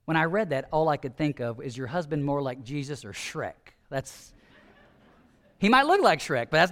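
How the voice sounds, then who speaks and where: A male pastor preaching a sermon, emphatic and animated, at times dropping to soft, hushed asides. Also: on the high side, moderate pace.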